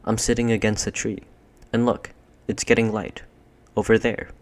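A man's voice: on the low side, level tone, moderate pace, pitched above the performer's own voice, natural voice. A man voicing a sensible, practical older girl, speaking in a lifted, reasonable way. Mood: startled.

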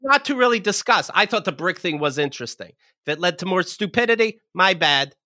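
A man's voice: high-pitched, expressive, fairly quick, sharp tone, no room sound, clean studio sound. A man co-hosting a podcast, ranting heatedly with lots of swearing in casual chat. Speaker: podcast co-host.

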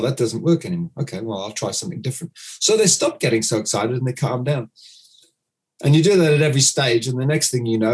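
A man's voice: fairly low pitch, a little mellow. A man, a dog trainer, explaining his method in an interview, acting out owners' commands.

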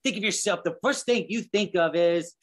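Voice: mid-range voice, normal speed. A host interviewing guests, asking loose, rambling questions. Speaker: podcast host.

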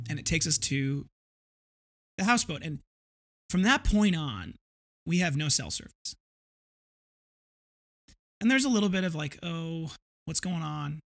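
A man's voice: fairly high pitch, expressive, normal speed, long pauses, a bit bright. A man in his thirties hosting a podcast, telling a rambling, vivid story with frequent restarts. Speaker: podcast host. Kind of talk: casual storytelling monologue.

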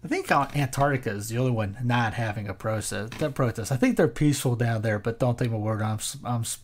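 A man talking off the cuff in a loose monologue. He is sarcastic and rambling, often breaking off mid-phrase. His voice sits at an ordinary middle pitch, and he pushes louder and higher when he urges his listeners on. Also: a little fast, slight background noise. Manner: rambling and sarcastic, with restarts and laughs; rises into loud exhortation. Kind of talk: casual opinion monologue.

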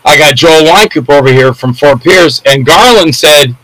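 A man's voice: on the high side, expressive, moderate pace, fairly bright tone, a little hiss or hum, rough recording. An older man, an actor, telling rambling anecdotes in a casual interview and acting out the voices of people in his stories.

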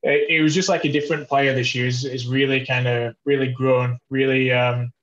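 A man's voice: mid-range voice, little pitch movement, normal speed, a bit bright, dull audio. A man from the UK, a hockey player guest chatting casually, often repeating words and restarting his sentences. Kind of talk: casual chat.

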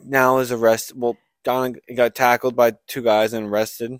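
A man's voice: medium pitch, flat delivery, moderate pace, clear, resonant tone, no room sound, clean studio sound. A young man co-hosting a podcast, casually recapping a book plot with lots of likes and restarts. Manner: rambling storyteller, many likes and restarts. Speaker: podcast co-host.

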